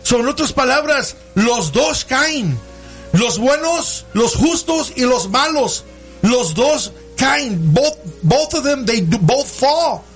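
A man preaching a sermon in English and Spanish, calling his listeners brother and rising into shouted, sing-song cadences. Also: very high-pitched, animated, takes it slowly, faint music behind. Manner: preaching, switching between English and Spanish, calling out "hermano" and "amen". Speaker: pastor. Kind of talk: bilingual sermon.

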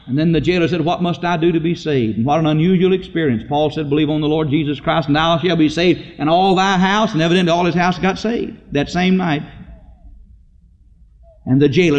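A man's voice: a little high, fairly quick. A man preaching a sermon, telling stories in a folksy way and acting out the voices of the people in them. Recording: dull lo-fi recording in a reverberant hall.

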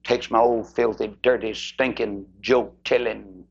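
A man preaching an impassioned sermon, swinging his voice high and low and acting out the people in his stories. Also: steady tone, unhurried, husky, highs cut off.

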